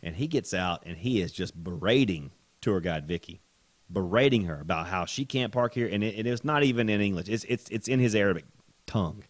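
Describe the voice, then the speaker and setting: A man hosting a podcast, telling a story in a casual, animated way with laughter and repeated words. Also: lowish voice, brisk, no echo. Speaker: podcast host.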